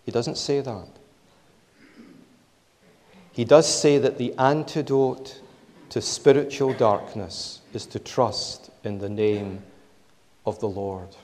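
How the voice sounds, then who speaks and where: A man preaching a sermon in a measured, emphatic way, repeating his key phrases. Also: medium pitch, a little mellow, in a large hall.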